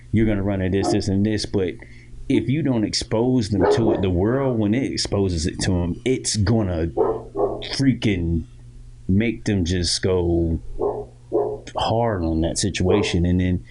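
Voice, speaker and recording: A deep-voiced young man from Florida tells long stories in loose, rambling podcast chat. He spins one anecdote into the next, his low voice steady between frequent fillers and restarts. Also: a little hiss or hum. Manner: animated, loud impressions of others in quoted lines. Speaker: podcast co-host. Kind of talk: casual storytelling chat.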